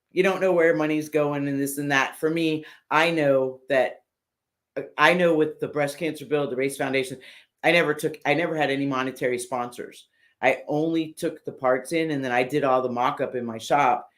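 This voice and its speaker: An older woman, a motorcycle builder interviewed as a guest, telling stories casually and animatedly, acting out what others said and filling pauses with "um" and "uh". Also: rumbling low. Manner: animated storyteller who acts out what others said, with many fillers.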